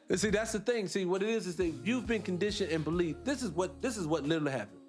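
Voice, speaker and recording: A man hosting a radio talk show, arguing his points in an animated, rhetorical way and repeating himself for emphasis. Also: sits high, fairly quick, faint music behind. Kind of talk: opinionated solo radio talk.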